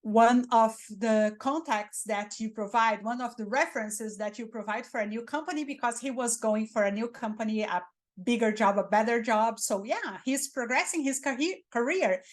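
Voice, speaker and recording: A woman with a Spanish accent, a native Spanish speaker, giving interview coaching and acting out dull and excited ways of talking. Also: on the high side, moderate pace. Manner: animated, demonstrates dull and excited delivery. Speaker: career mentor.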